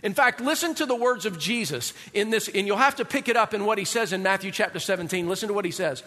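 Male pastor, high bright voice, lively sermon delivery, long hall reverb. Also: fast. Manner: animated, rhetorical questions to the congregation.

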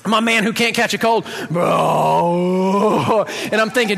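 Bright-voiced man telling his testimony. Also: high-pitched, slow, vocal fry, few pauses. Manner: animated, comic storytelling. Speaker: speaker giving a personal testimony. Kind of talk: storytelling testimony. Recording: reverberant hall.

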